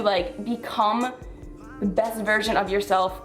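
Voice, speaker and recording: A woman's voice: mid-range voice, steady tone, a little slow, faint music behind, poor audio. A woman in her twenties talks through a personal vlog, on the verge of tears, heavy on "like" and "um". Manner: heartfelt, filler-heavy talk with frequent "like" and "um". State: tearful, on the verge of crying. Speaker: fitness vlogger.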